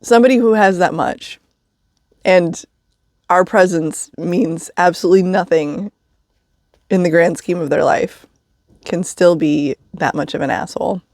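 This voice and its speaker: A woman's voice: fairly low pitch, measured pace, long pauses, darkish tone, no echo, clean studio sound. A woman telling a story in a casual vlog, chatty, with wry asides and frequent laughs. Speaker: vlogger living in a vehicle.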